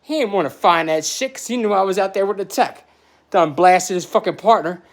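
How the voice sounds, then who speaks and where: Animated, profane man in his forties. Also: high-pitched, a little fast. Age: 40s. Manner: animated, profane storytelling, gets emotional. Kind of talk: storytelling in a podcast chat.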